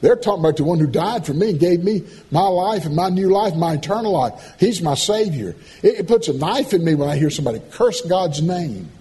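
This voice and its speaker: A man preaching a sermon, folksy and animated, swinging from loud calls to soft asides. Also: sits high, fairly quick, hardly any pauses.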